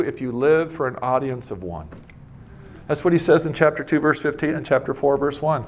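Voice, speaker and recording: A middle-aged man preaching a sermon, emphatic, slowing down and speeding up for effect. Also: medium pitch, a little hiss or hum. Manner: emphatic, varies pace and loudness for effect.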